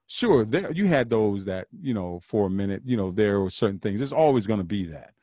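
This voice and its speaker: Male podcast host, earnest monologue, animated delivery, dry close sound. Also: fairly low pitch, fairly quick, dry recording. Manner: earnest, preachy, repeats phrases for emphasis.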